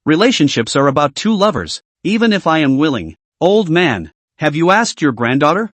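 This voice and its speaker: A man's voice: a little high, very animated, normal speed, a bit bright, no echo. A man reading the lines of a flustered, reluctant young scientist in a recap story.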